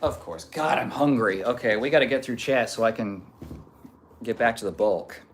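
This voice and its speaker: A man's voice: mid-range voice, moderate pace, slight background noise. A man streaming live, reading viewer messages aloud in a joking, off-hand way. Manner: joking, off-hand, reads messages out one after another.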